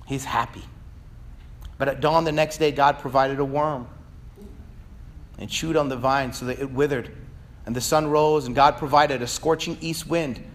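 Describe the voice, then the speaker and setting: A man preaching a sermon, swinging between fervent shouting and quiet, conversational asides. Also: fairly high pitch, slight background noise. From Virginia, USA. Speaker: pastor.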